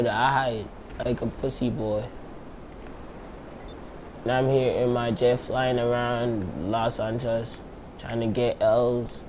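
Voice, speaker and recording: A man's voice: medium pitch, warm tone, slight background noise, low-quality recording. Slangy, profane young man gaming. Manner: slangy, profane, talks to himself while playing. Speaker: gameplay commentator. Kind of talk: casual gameplay commentary.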